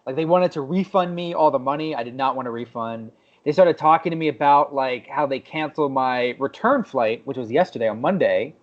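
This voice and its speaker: A young man co-hosting a podcast, telling a story in a lively way and acting out the people he quotes. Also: mid-range voice, fairly quick. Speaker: podcast co-host. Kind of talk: casual chat. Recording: dull lo-fi podcast audio.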